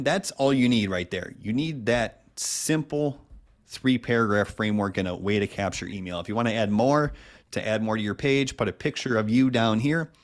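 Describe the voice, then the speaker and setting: A man teaching an online marketing method in a casual, conversational way, often checking in with "right?" and tossing off quick made-up examples. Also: medium pitch. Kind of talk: casual instructional talk.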